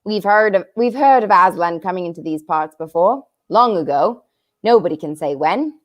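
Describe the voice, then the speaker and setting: An earnest, kindly talking beaver from a storybook, read aloud by a woman. He speaks in a folksy drawl, his lively voice swooping high and low as he explains and warns. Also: moderate pace, lightly acted.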